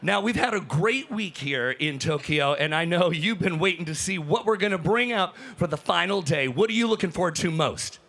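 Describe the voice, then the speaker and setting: A man working as hype host on a convention show floor, enthusiastic and loud as he greets fans. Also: high-pitched, animated, moderate pace, hardly any pauses. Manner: enthusiastic, hype, shouting to crowd. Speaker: hype host, roaming reporter. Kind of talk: energetic crowd interviewing.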